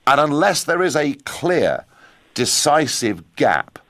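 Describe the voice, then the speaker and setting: A British man hosts a talk radio phone-in, his pitch rising and falling a great deal as he presses each point. He is emphatic and forceful, and his studio mic sounds dry and close. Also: slow pace, no echo. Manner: forceful, emphatic, lively delivery. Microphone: studio microphone.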